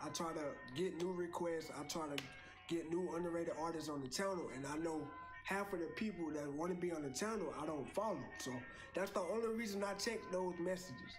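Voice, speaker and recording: A man's voice: on the high side, fairly quick. A man who runs a music channel tells a story casually, in a laid-back way, filling his talk with "like" and "bro". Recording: clip with loud music behind.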